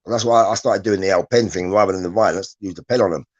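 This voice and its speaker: A man talking as a guest in casual chat, emphatic and halting, restarting his sentences often. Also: low voice, muffled recording. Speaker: podcast guest, former prisoner.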